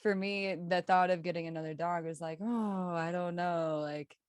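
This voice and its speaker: A woman hosting a casual podcast, relaxed and quick to laugh, with many "like" fillers. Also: lowish voice, no echo. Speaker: podcast host.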